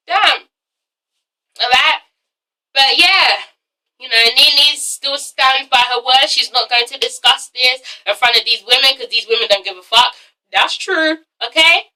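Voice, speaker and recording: Brief: high-voiced woman, sassy vlog commentary, mic a bit far off. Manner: sassy, swears freely, animated asides. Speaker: reality TV reviewer. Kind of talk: casual opinionated commentary.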